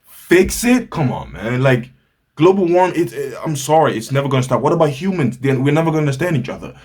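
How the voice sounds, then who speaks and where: A man's voice: a little high, sing-song, fast, darkish tone, slightly rough, voice pushed up. A man putting on an exasperated young woman.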